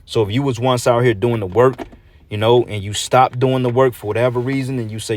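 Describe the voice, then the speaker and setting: A man's voice: medium pitch, steady tone, brisk, darkish tone, slight background noise. A man giving a blunt, profane street sermon, reading scripture and breaking it down with repeated "man" and "okay". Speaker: preacher.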